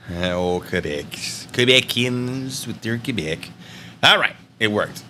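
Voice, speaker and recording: A man's voice: on the low side, expressive, takes it slowly, pushed and bright, a little hiss or hum. A man chatting casually on a livestream, rambling and joking as he thinks aloud. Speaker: streamer.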